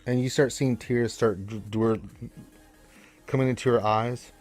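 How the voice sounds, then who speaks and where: A man's voice: medium pitch, steady tone, measured pace, a little mellow, faint music behind. A man narrating as game master of a tabletop game in a loose, conversational way with fillers.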